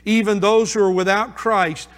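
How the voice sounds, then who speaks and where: A male pastor preaches a sermon to a congregation, hammering his points home by repeating them. His voice sits notably high, and long reverb from the sanctuary trails after each phrase. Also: fairly even intonation, moderate pace, fairly bright tone. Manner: emphatic, repeating phrases for stress. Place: church sanctuary before a congregation.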